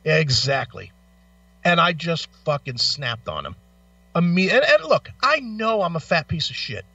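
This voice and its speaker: Profane, animated man with a bright edge. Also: fairly high pitch, a little slow, gravelly, dry recording. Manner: animated, swearing storyteller. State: in back pain. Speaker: radio show co-host. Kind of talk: profane casual chat. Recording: distant, dull lo-fi mic.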